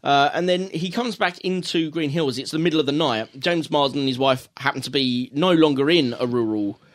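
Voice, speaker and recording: A man's voice: on the high side, fairly quick. A man from the UK co-hosting a casual film review chat, recapping scenes at length with fillers and restarts. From United Kingdom. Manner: rambling recaps with fillers and self-corrections. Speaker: podcast co-host.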